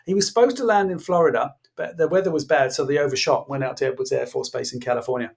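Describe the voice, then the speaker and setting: A man, a podcast guest, telling an animated story and acting out the dialogue, laughing as he goes. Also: mid-range voice, quick pace, gravelly, slightly rough. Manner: acts out quoted dialogue, laughs while telling. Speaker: guest, former innovation executive.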